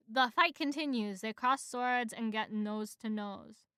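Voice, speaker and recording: A young woman streamer reads a film script aloud, casual and rambling with fillers. Her voice is high, bright and crisp. It is recorded close on a desk mic with a dry sound. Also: normal speed, no room sound. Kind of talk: casual script read-through.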